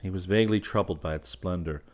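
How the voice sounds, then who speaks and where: A man's voice: quick pace, darkish tone. A man reading a novel aloud as a narrator, lifting his voice for the characters' lines. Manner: voices characters by raising pitch and volume. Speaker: audiobook narrator. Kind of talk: scripted narration.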